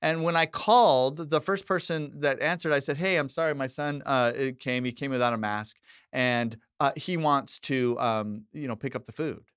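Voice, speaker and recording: A man's voice: mid-range voice, normal speed, clear, resonant tone, dry recording, studio quality. A middle-aged man co-hosting a podcast, telling a story in casual chat and acting out the back-and-forth of what was said. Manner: animated storyteller who acts out quoted exchanges. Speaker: podcast co-host.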